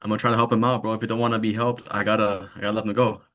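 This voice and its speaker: A man's voice: fairly low pitch, level tone, rapid-fire, a bit bright. A man on a video call giving brief, laid-back answers.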